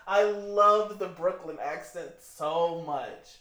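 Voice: medium pitch, slow, echoey room. A podcast co-host from Michigan, chatting casually and swearing freely while giving strong opinions. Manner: profane, opinionated, animated. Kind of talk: casual chat.

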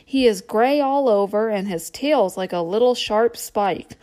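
A woman's voice: medium pitch, unhurried, dark tone. A woman reading a children's storybook aloud as a playful guessing game.

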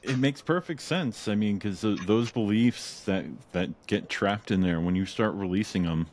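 A man hosting a podcast in casual conversation, chatty and quick to laugh, acting out his own thoughts in little asides. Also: on the low side, darkish tone, a little hiss or hum. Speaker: podcast host. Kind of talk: casual interview chat.

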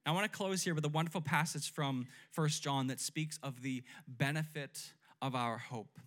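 Man, young adult, pastor, sermon, conversational, call-and-response, slightly high-pitched. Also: normal speed, fairly bright tone. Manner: conversational, often asks "right?"; leads congregation call-and-response.

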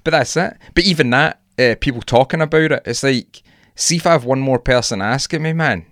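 A man's voice: medium pitch, brisk, fairly bright tone, no echo, studio quality. A young Scottish man in casual podcast chat, rambling and swearing freely with frequent laughs. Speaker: podcast co-host.

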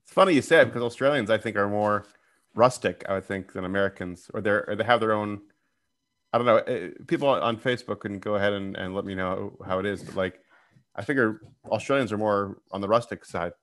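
Male co-host, low voice, relaxed banter. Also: fairly quick. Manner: relaxed, joking, musing aloud. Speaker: podcast co-host. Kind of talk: casual chat.

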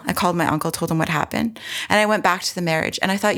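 Candid woman guest, slightly low voice, talks in restarts and asides. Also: fast talker, a bit bright. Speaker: interview guest. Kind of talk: personal storytelling in conversation.

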